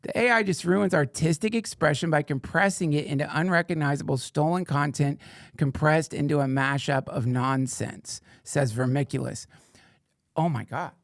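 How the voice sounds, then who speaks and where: A man hosting a podcast in casual chat, rambling, excitable and swearing freely. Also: on the high side, normal speed, gravelly, dry recording, studio quality. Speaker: podcast host.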